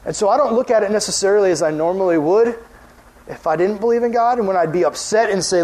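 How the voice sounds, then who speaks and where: A young youth pastor delivers a sermon to teenagers in a high, earnest voice. He climbs when he stresses a point and turns quiet and gentle when he makes an appeal. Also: quick pace. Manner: earnest, rises in pitch when emphatic, drops soft on appeals.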